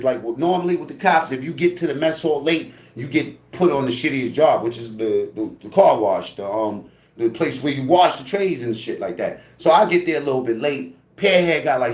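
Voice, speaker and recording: His voice sits on the high side and the room sounds roomy. He narrates a prison tale casually and profanely, animatedly imitating voices and noises while leaning heavily on fillers such as "you know what I mean".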